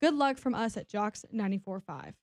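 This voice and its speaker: A woman's voice: medium pitch, big pitch swings, a little fast, dry recording, clean studio sound. A woman co-hosting a sports radio show, reading a contest promo in an upbeat announcer style. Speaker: radio co-host. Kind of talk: reading a promo, then chat.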